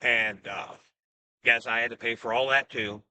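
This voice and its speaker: A man's voice: medium pitch, a little slow, dry recording. A man telling a personal story in a casual, rambling monologue, full of restarts and asides. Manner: rambling, animated retelling with restarts. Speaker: self-styled religious teacher.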